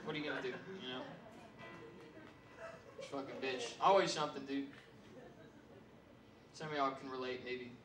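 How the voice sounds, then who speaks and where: A man doing stand-up, telling a profane story with loud bursts and laughs. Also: medium pitch, steady tone, normal speed, pauses often. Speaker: comedian. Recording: roomy stage sound from far mic, audience.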